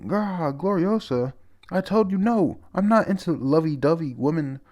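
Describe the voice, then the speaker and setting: A man voicing a stern, dismissive pirate empress woman, pitching his voice up and speaking slowly. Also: animated, darkish tone, close to an everyday voice. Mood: scolding. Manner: pitched up, drawn-out and slow.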